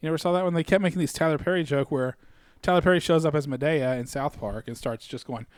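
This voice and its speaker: A man's voice: a little high, quick pace, no room sound, studio quality. A man in loose, joking chat as co-host, often trailing off and restarting. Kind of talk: casual comedic chat.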